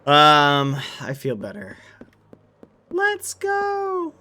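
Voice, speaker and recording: A man's voice: on the high side, huge pitch swings, extremely slow, bright, forceful tone, slight background noise. A man streaming a game, chatting casually with teammates in a friendly, reassuring way. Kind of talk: casual gaming stream chat.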